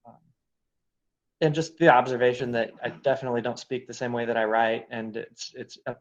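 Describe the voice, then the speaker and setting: A man's voice: medium pitch, flat delivery, fairly quick. Reflective man on a muffled call. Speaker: panel participant. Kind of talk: casual discussion on video call.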